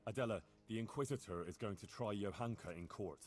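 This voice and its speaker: A man's voice: on the low side, a little fast, a little mellow, faint music behind, lightly acted. A man voicing a determined young hero. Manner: plain, direct and determined. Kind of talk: video game voice acting.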